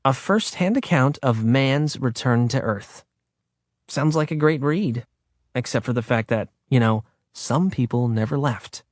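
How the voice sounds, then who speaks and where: A man's voice: mid-range voice, measured pace, dry recording, studio quality, natural voice. A man reading an audiobook, voicing a defiant young woman from Earth who teases and insists. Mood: teasing. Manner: teasing, confident.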